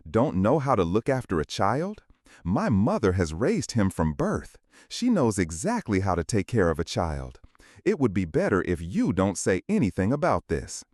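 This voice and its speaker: Man doing a calm, wounded husband. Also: fairly low pitch, moderate pace, dry recording, clean studio sound. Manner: calm, quietly hurt. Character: calm, saddened working-class husband.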